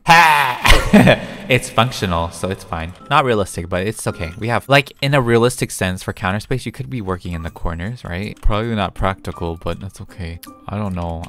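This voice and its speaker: Brief: young male game vlogger, low-set voice, chatty and excitable, faint music behind. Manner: chatty and excitable, with gasps and squeals. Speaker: game building video creator. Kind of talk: casual gameplay commentary.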